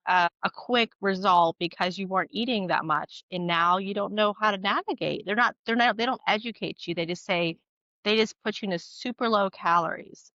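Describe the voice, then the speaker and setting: A woman with a medium-pitched voice chats casually on a podcast over a video call, using earphones. She's a fitness coach, telling stories with energy and mimicking her clients' words, and the recording is dry and lo-fi.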